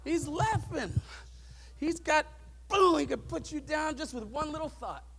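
A preacher man with a strikingly high voice and a gravelly edge. His pitch moves in lively leaps as he shifts from hushed, reflective talk to loud, driving calls to the congregation. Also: measured pace. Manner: swings from soft musing to loud preaching peaks. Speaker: pastor. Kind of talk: sermon.

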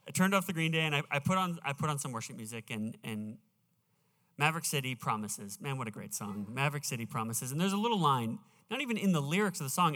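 A man's voice: a little high, a bit bright. Earnest preacher man in an echoing church. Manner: earnest, slows down to read scripture emphatically. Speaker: pastor. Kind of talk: sermon. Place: church sanctuary. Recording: reverberant church hall.

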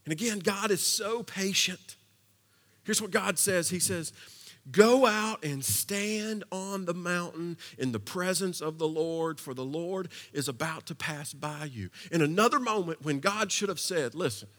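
A man preaching a sermon in a conversational way, dropping to a hush and then building to impassioned passages. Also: high-pitched, a little slow. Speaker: pastor.

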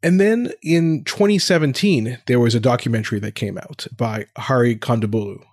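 A man's voice: mid-range voice, moderate pace, a little mellow, no echo, studio quality. A middle-aged man co-hosting a casual discussion, asking questions thoughtfully and restarting his sentences often. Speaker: podcast co-host.

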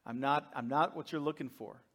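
A man's voice: medium pitch, brisk, fairly bright tone, pitched below the performer's own voice. A man preaching a sermon, voicing an anxious old male prophet who keeps pleading and protesting.

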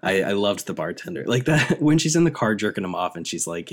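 A man with a fairly low voice talks through a film on a podcast in loose, enthusiastic chat. He rambles, laughs often, and stacks up questions as he goes. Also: big pitch swings, quick pace. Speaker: podcast co-host. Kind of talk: casual movie review chat.

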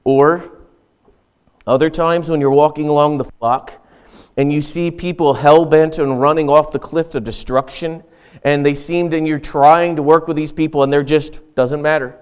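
A man's voice: fairly high pitch, fairly even intonation, normal speed, a little mellow, clear, resonant tone. A middle-aged man preaching a sermon as pastor in a church, talking in an earnest, conversational way and repeating key phrases for emphasis.

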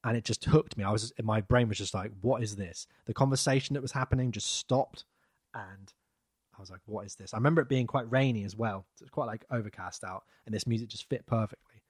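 A man, chatting casually as a podcast co-host, rambling and trailing off softly. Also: lowish voice, fast, husky, dry recording, clean studio sound. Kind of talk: casual chat.

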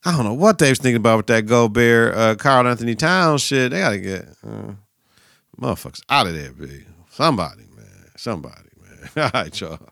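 A young man hosts his own podcast solo, chatting about sports and coaching in a loose, slangy, profane way. His voice is bright and forceful. The sound is close and dry, with no room around it. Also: medium pitch, brisk, vocal fry, no echo. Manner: profane, slangy, animated riffing. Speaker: podcast host, teacher and coach.

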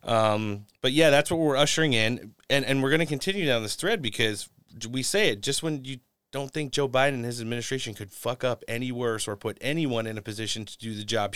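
A male talk show host with a smooth, resonant voice, talking loose and profane. The sound is dry and close, with no room tone. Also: medium pitch, fairly bright tone, no echo. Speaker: podcast host. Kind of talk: casual talk show chat.

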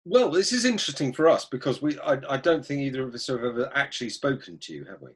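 A man hosts a relaxed podcast chat, making dry, teasing remarks. His husky voice moves lively up and down as he stops and restarts his sentences. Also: mid-range voice. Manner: dry joking, halting with restarts. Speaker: podcast host. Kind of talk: casual podcast interview.

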